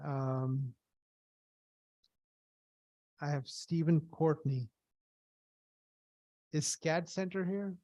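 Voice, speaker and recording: A man chairing a public hearing over a video call, calling speakers in a halting, procedural way. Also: on the high side, mellow, no echo. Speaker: committee chair.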